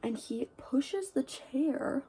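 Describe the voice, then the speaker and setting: A teenage girl rambling through a casual get-ready-with-me story, full of "like" and "um", with quiet asides. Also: high-pitched, animated, slow pace, breathy edge. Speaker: vlogger.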